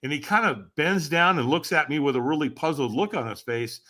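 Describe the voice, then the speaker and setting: A man guesting on a podcast, telling a story with animated energy and acting out the dialogue. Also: a little high, a little fast. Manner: acts out quoted dialogue, emphatic and lively.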